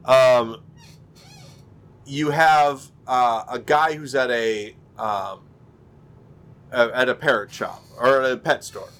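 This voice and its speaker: A man's voice: medium pitch, slow pace, pauses often, a bit bright. A man co-hosting a podcast in casual chat over a video call, rambling with many fillers and restarts. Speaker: podcast co-host.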